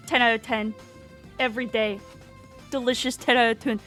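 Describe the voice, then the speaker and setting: A woman streamer chatting casually and with animation, slipping into high baby talk with her pet bird. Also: steady tone, normal speed, a bit bright, faint music behind.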